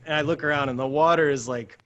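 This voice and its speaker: A man, a guest on a talk show, telling a story casually. He talks in an animated way, laughs often and acts out the lines of people in his story. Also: a little high, quick pace, highs cut off.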